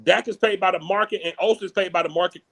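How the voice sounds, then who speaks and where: A man's voice: sits high, steady tone, fairly bright tone. A man on a sports panel, emphatic and defensive, insisting on what he said before in a casual debate. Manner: fast, emphatic, repeats no over and over.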